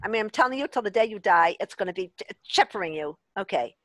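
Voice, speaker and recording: A woman leading a workshop on an online group call, lively and laughing as she acts out the voices she quotes. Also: medium pitch, quick pace, dry recording. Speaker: workshop leader. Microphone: video call.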